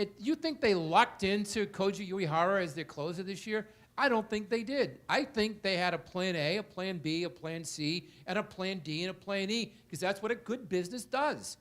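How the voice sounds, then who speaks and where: A man's voice: high voice, animated, normal speed, fairly bright tone. A man speaking as a panelist at a live event in a hotel, arguing his case with rhetorical questions. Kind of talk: panel discussion.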